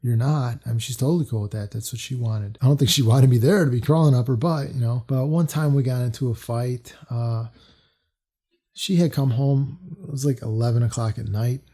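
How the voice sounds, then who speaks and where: Man, casual storytelling, mellow dark tone, rambling with fillers, middle-aged. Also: medium pitch, fairly quick. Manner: rambling, many fillers and restarts.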